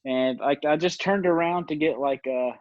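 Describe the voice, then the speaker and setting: A man's voice: a little high, moderate pace, no echo. A man in his twenties, a podcast guest, telling stories in a rambling, casual way, laughing often and using lots of fillers. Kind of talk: casual storytelling chat. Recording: dull, dry lo-fi recording.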